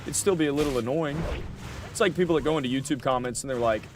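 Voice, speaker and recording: A young man chatting loosely on a livestream while he plays, replying to his viewers and repeating phrases for emphasis. His voice sits at an ordinary middle pitch. Faint music runs under his talk. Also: quick pace. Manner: chatty, talks back to chat, repeats himself. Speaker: livestreamer playing a game. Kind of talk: casual livestream chat.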